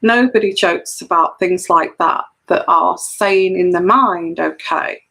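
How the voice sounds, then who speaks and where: A woman's voice: fairly low pitch, measured pace, creaky, bright, forceful tone, breathy edge, rough recording. A woman who reads tarot, talking earnestly to camera and explaining her point, often repeating phrases for emphasis. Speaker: intuitive tarot reader. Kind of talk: solo camera monologue of personal commentary.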